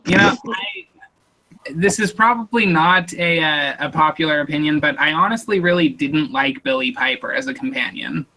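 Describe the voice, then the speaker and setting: A man in casual podcast chat, measured and hedging his opinions. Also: fairly high pitch, sharp tone, low-quality recording.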